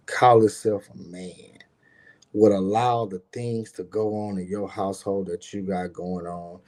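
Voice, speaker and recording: Deep and warm, the voice belongs to an adult man with a grown son sharing a personal story casually. He rambles, says words more than once, and acts out whoever he's quoting.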